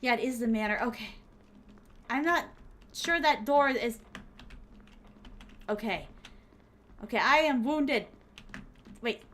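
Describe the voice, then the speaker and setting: A young woman streaming a horror game, giving excitable live commentary and talking to herself and her chat as she plays. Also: a little high, a little hiss or hum. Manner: excitable, talks to herself and chat while playing.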